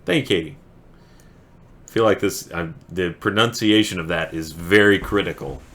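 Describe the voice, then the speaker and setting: Deep-voiced male streamer, sharp tone. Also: normal speed. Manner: reads verse with big dramatic swells, breaks off giggling. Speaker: livestream host. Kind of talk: casual stream chat and reading a poem aloud.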